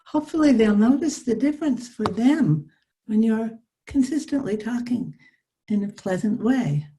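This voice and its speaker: An older woman psychologist teaching a live online workshop over a video call, with a calm, soothing coaching manner. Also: fairly high pitch, normal speed.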